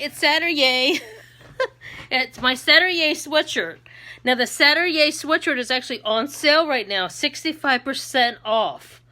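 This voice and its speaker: Middle-aged lady doing makeup on camera, chatty and giggly, crisp bright voice. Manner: chatty, laughs often, bursts into shrill put-on accents. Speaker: beauty vlogger and makeup seller. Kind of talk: casual makeup tutorial chat.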